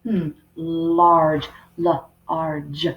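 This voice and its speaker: A woman teacher giving a remote writing lesson to young children, speaking slowly and sounding out each word as she writes, recorded on a computer microphone. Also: sits low, flat delivery, lo-fi sound. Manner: slow and deliberate, sounding out words while writing. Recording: roomy echo.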